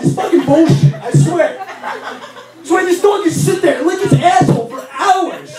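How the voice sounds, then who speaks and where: A man's voice: very high-pitched, normal speed, music in the background. A young man doing a stand-up comedy set, ranting crudely and in exasperation. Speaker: stand-up comic. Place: comedy lounge. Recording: echoey club, distant mic, audience laughter.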